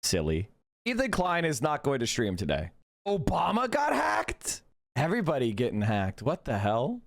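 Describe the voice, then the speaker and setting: A man's voice: mid-range voice, wildly swooping pitch, moderate pace. A man hosting a casual livestream, mocking and swearing as he reacts to chat. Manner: profane, mocking, reads chat aloud. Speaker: livestream host. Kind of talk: casual political livestream commentary.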